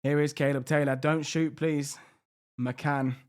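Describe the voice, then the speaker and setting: Guy calling his football game, fairly high voice, gets hyped fast. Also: smooth. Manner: excitable, shifting between hushed tension and loud outbursts. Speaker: gaming YouTuber. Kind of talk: live game commentary.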